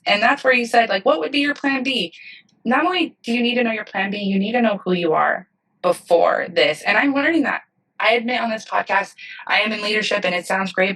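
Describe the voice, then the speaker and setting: A woman's voice: medium pitch, a bit bright, distant mic, poor audio. A woman in her thirties, a nursing director, talking candidly in a podcast interview and acting out the people she quotes. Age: 30s. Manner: earnest, candid storytelling that acts out voices.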